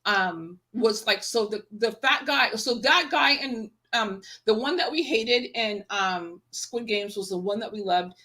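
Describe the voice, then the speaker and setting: A woman's voice: medium pitch, a little slow, hardly any pauses, bright, forceful tone. A woman co-hosting a casual livestream chat, enthusiastic and swearing casually, with lots of "like" fillers. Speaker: co-host. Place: home, live stream.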